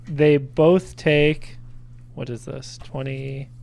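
A man's voice: medium pitch, level tone, slow pace, creaky, darkish tone, slight background noise. A man playing a tabletop role-playing game, joking around and narrating what his character does. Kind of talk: casual tabletop game chat.

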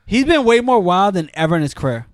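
Lively young man arguing sports. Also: high voice, fast talker, no room sound, clean studio sound. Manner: eager, argumentative sports talk. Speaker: podcast host. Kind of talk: casual podcast banter.

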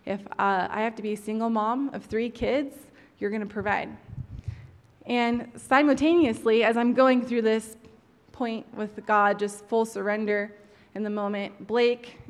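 A woman in her thirties giving an earnest personal testimony, her voice dropping soft at the heavy moments. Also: mid-range voice. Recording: long hall reverb.

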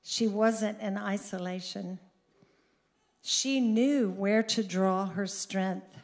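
A middle-aged woman giving a sermon, earnest and slow, who grows animated at points of emphasis. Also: mid-range voice. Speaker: speaker giving a devotional.

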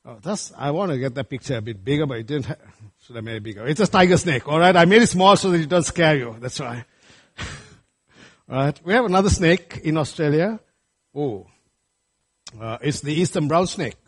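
A man's voice: fairly high pitch, brisk, pauses often, slightly rough. A man from Sri Lanka, preaching a sermon to a church congregation and often checking in with them with "right?" and "friends". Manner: animated, often asks listeners "right?" and calls them friends.

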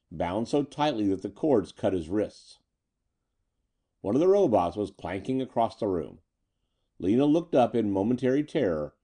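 Male narrator, pulp story, very dark tone, lively pitch, dramatic reading. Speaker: audiobook narrator.

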